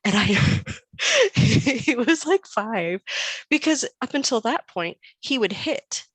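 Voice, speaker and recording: A woman's voice: fairly high pitch, slow pace, breathy edge, no room sound. A woman in her thirties, a podcast guest, telling family stories in casual chat and acting out the quoted dialogue. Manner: animated storyteller who acts out quoted dialogue.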